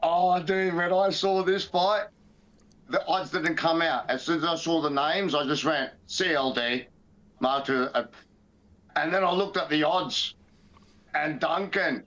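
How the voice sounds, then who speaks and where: A man's voice: a little high, measured pace, fairly bright tone, dull audio. A man co-hosting a podcast, outspoken and profane, rambling through his picks. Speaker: podcast co-host. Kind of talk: casual podcast banter.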